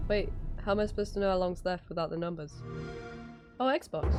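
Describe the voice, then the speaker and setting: Over music, a woman with a voice on the low side talks a little fast during a casual live stream. She's sick and her throat is strained, yet she giggles constantly, rambles, and is easily amused while watching videos.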